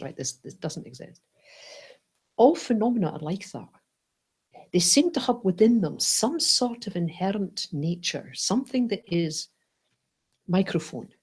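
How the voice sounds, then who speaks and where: Husky woman teaching Buddhist philosophy. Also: fairly low pitch. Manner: animated, playful, asks "right?" and "yes?". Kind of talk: teaching a dharma class.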